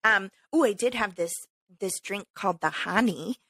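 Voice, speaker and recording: A woman's voice: medium pitch, normal speed, a bit bright, dry recording. A woman co-hosting a podcast, telling a story in casual chat and laughing often. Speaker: podcast co-host.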